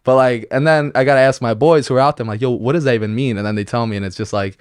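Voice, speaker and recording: A man from Mexico, a podcast guest in a studio, talking in a relaxed, slangy way and laughing easily. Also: mid-range voice, very fast, clean tone, dry recording. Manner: laid-back, slangy, says bro and like a lot, laughs easily. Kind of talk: casual chat.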